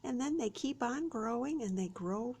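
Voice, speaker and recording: A woman reading a storybook to young children at a library storytime, sing-song and expressive, sometimes dropping to a whisper for suspense. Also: on the high side, normal speed, breathy edge.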